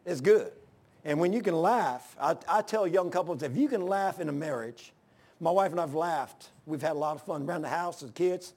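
Folksy older man preaching, fairly high voice. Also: normal speed. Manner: folksy storytelling, bursts into loud exclamations. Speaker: pastor. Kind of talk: informal sermon.

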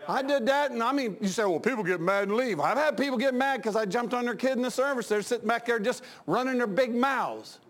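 A man preaches in a folksy, anecdotal way. His voice sits high and leaps all over the place. He jumps from loud outbursts to quiet, confiding asides. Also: lively intonation, a little fast, hardly any pauses. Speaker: pastor.

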